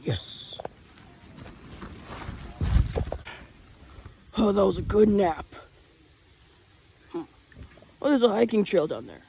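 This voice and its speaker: A man playing a panicky, bossy father on a family hike in an improvised comedy skit, shouting in alarm and teasing bluntly. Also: sits high, very animated, measured pace, gravelly, slight background noise, exaggerated voice.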